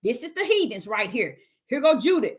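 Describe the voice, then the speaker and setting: A woman's voice: a little high, big pitch swings, fairly quick. A woman teaching the Bible on a livestream, emphatic and repetitive, firing rhetorical questions at her chat.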